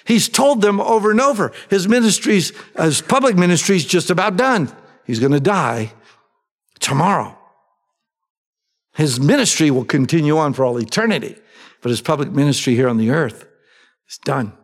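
A man preaching a sermon, asking his congregation questions and answering them himself, swinging between raised emphatic lines and soft low asides. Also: lively intonation, moderate pace. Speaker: pastor. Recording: long reverb of a large hall.

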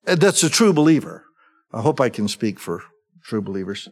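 A middle-aged man preaching in an easy, conversational way. His voice sits at an ordinary pitch, and he keeps turning to his listeners for agreement as he teaches. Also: big pitch swings, moderate pace, long pauses, slightly rough. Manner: conversational, asks the congregation for agreement. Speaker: pastor. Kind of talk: sermon.

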